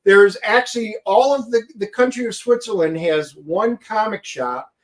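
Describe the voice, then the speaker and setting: Man, co-host, high voice, teasing, joking, casual rambling chat. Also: normal speed.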